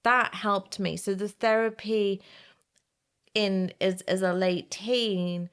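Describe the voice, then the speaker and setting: A middle-aged woman, a guest in an interview, telling her story in an expressive, animated way with frank language. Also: mid-range voice, slow pace, clean tone. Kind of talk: casual interview conversation.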